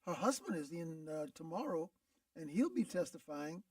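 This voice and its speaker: A man's voice: on the high side, sing-song, moderate pace, a little mellow, no room sound, far from the mic, poor audio. A man talking on a radio show as co-host, easygoing with brief remarks. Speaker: co-host, state senator. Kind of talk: casual radio talk show. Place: radio studio.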